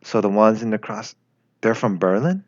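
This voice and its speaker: A man's voice: on the low side, animated, normal speed, no room sound, close to an everyday voice. A man voicing a young male German tank commander, sarcastic, flustered and grumbling. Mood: uneasy. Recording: lo-fi with faint music.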